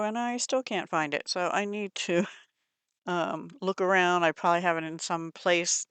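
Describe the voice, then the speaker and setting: A woman's voice: lowish voice, clean tone, no room sound. A middle-aged woman hosting a crafting channel, chatting casually in her craft room and gushing over supplies with murmured asides.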